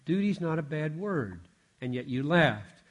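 Older man preaching with lively storytelling. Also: on the high side, measured pace. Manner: animated storytelling with self-corrections. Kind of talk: sermon with acted-out story.

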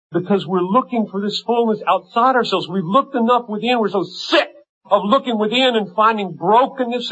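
Fervent preacher man, husky, lo-fi. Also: high voice, normal speed. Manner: impassioned, rising to fervent intensity and dropping to hushed tones. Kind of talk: sermon.

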